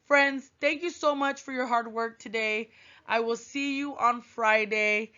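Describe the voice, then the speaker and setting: A woman teaching a writing lesson to young children, thinking aloud with long hums in a gentle, encouraging way. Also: on the high side, fairly even intonation, a little slow. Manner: gentle, encouraging, sing-song classroom delivery. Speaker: first grade teacher. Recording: dull lo-fi recording.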